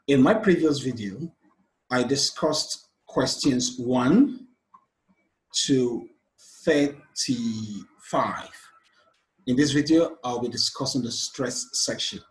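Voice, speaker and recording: A man teaching an exam revision lesson on word stress, patiently counting syllables aloud step by step. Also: mid-range voice. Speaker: English teacher. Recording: echoey room.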